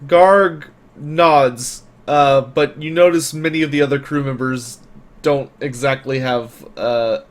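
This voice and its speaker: A man running a tabletop role-playing game as game master, narrating in a relaxed, chatty way with fillers. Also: mid-range voice, slow pace.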